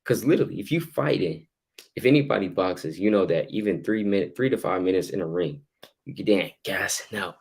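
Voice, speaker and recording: A man with a very low voice leads a relaxed Bible study. He reads scripture aloud, then breaks it down in loose street slang, tagging "man" and "you know" onto his sentences. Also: fairly quick, creaky, breathy edge. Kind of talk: casual scripture teaching.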